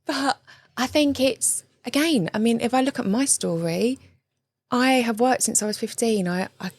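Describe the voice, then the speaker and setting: A woman's voice: fairly high pitch, normal speed, no echo. Earnest British woman, dry sound. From United Kingdom. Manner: reflective, earnest, leans on tag questions like "isn't it" and "right?". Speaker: guest, relationship coach. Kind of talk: conversational interview.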